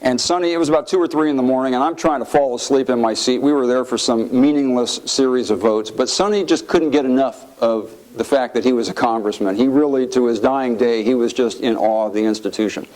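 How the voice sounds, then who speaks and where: A man's voice: medium pitch, fairly quick, hardly any pauses, poor audio. A middle-aged man, a former congressman, telling stories to an audience, acting out the quotes with a raised voice. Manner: lively storyteller, acts out quotes with a raised voice. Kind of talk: anecdotal speech to an audience.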